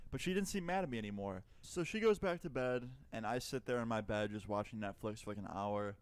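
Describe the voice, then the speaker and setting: A man's voice: lowish voice, brisk, smooth. A man telling a personal story in a chatty, profane way, acting out both sides of the dialogue. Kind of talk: casual storytime narration.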